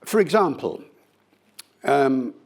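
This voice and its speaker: An older man with a medium-pitched voice answers an interviewer's questions in an easy, conversational way. He talks with animated flair and shows his points through playful demonstrations. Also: slow, creaky. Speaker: linguist being interviewed.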